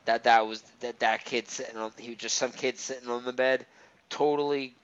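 Man, casual storyteller, rambly and animated, smooth voice, a bit dull and lo-fi. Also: medium pitch, moderate pace. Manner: rambling, animated ghost story with many fillers and restarts. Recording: slightly dull, muffled recording.

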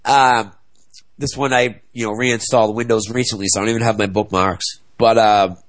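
A man's voice: fairly low pitch, fairly even intonation, moderate pace, low-quality recording. A young man ranting angrily to his viewers in a fired-up video blog. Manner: angry, fired-up political rant. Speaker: video blogger. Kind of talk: ranting to camera.

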